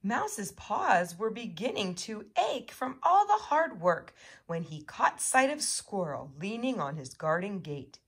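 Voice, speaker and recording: A woman narrating a children's picture book aloud in an unhurried, gentle storytelling manner. Her voice swoops expressively through each sentence, and it carries a soft, slightly breathy quality. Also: medium pitch, very animated.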